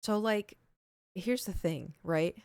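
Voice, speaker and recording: A woman's voice: on the low side, takes it slowly, clear, resonant tone, no room sound, studio quality. A young woman streaming, casually retelling a story to her chat with lots of "like" and acted-out dialogue. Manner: chatty, lots of "like" and retold dialogue; drops to a hushed voice. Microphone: headset, later taken off.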